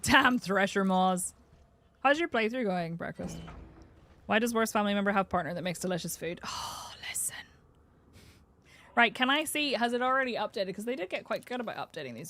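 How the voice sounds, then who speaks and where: A woman's voice: on the high side, fairly bright tone. Giggly woman streaming a game. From United Kingdom. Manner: chatty, giggly, reads chat aloud. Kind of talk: casual live-stream chat.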